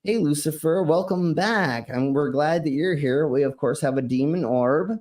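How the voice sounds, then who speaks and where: A man's voice: a little high, moderate pace, a loud crowd. Laid-back stammering male stream host. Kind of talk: casual chat.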